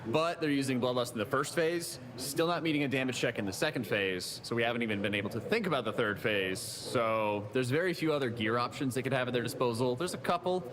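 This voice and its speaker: A man calmly breaks down game strategy as an event caster. A crowd is clearly heard behind him. The clip plays through a stream. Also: mid-range voice, fast talker, hardly any pauses. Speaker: esports caster. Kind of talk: explanatory race commentary.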